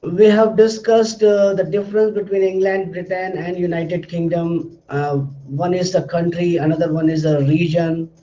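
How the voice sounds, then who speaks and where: A man with a fairly high yet mellow voice explains in a steady lecturing tone and often pauses on "uh" while repeating phrases. The recording is dull and lo-fi, like a plain classroom capture.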